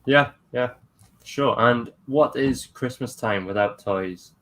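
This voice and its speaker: A man's voice: mid-range voice, slow pace, a bit bright. A man co-hosting a casual chat show, talking eagerly about the things he loves in an easygoing way. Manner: enthusiastic, self-described toy nerd. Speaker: co-host.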